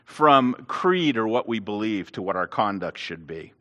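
Preacher, lively sermon storyteller, swooping intonation, bright tone. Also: male voice, on the low side, measured pace. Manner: animated storytelling with restarts. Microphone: clip-on lapel mic. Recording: long hall reverb.

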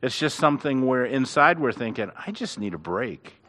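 A middle-aged pastor and author with a mid-range voice speaks at normal speed in a faith interview. He's an animated storyteller, recounting stories about his faith and acting out the voices of the people in them.

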